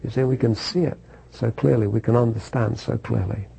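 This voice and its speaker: A man's voice: medium pitch, steady tone, fairly quick, gravelly, dark tone, husky, low-quality recording. A man preaching a sermon, repeating phrases for emphasis and asking his listeners questions.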